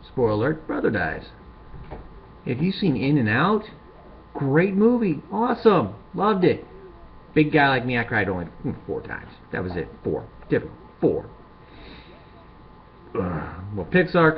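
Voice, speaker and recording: A middle-aged man hosting a comedic monologue, rambling and crude, building to loud rants. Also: mid-range voice. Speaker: show host. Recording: dull lo-fi sound with faint hiss.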